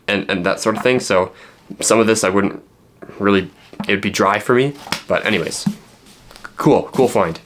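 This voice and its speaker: Male book vlogger, lower voice, loose unscripted chatter with filler words and dry jokes. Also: background noise. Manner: rambling, filler-heavy, joking asides. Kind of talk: casual book haul chat.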